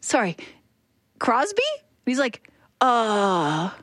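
A woman hosting a morning radio show, telling stories in a chatty, animated way. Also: on the high side, moderate pace, no room sound. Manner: chatty, animated storytelling with laughter. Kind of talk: casual radio chat. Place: radio studio. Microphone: studio microphone.

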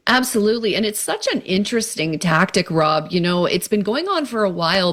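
A woman, a consumer protection expert, explaining scams in a friendly, chatty way as a guest on a radio show. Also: fairly low pitch.

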